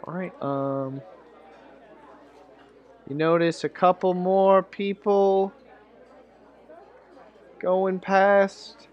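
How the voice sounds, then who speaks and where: A man narrates a tabletop adventure as game master, his voice a touch higher than most. He rambles casually, restarting phrases as he sets each scene. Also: level tone, very slow, pauses often, muffled recording, a faint crowd.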